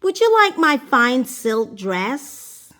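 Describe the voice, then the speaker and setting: A woman's voice: on the high side, sing-song, slow, pushed and bright, exaggerated voice. A woman doing a spoiled storybook princess. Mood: pleading. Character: young spoiled princess, tearful then careless.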